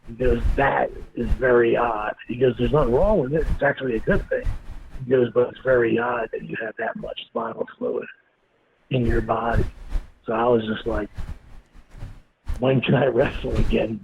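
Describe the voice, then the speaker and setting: The clip comes over a tinny, phone-like line with faint noise. On it, a man who's a guest in an interview tells a profane, blunt, animated story at normal speed, his medium-pitched voice carrying vocal fry.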